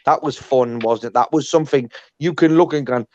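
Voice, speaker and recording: A man's voice: mid-range voice, brisk, darkish tone. A man hosting a live stream panel, rambling and swearing a lot in casual banter. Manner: rambling, repetitive, heavy swearing. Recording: dull, dry lo-fi sound.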